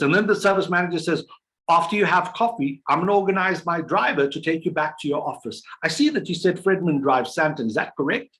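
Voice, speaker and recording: A male business coach, delivering a motivational sales talk. His voice sits a little on the high side. He drives his points with rhetorical questions and playful little voices for the people he quotes. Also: animated, brisk, a bit bright.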